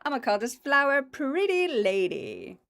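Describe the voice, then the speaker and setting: A woman's voice: high-pitched, sing-song, moderate pace, creaky, a bit bright, voice pushed up, exaggerated voice. A woman voicing a delighted Italian male gardener, gushing in a sing-song way as he names a flower.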